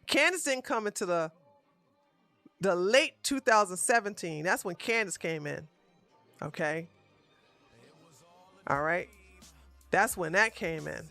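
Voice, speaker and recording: A woman's voice: lowish voice, expressive, slow, long pauses, fairly bright tone, faint music behind. A woman hosting a live stream, ranting in a combative, profane way with frequent restarts.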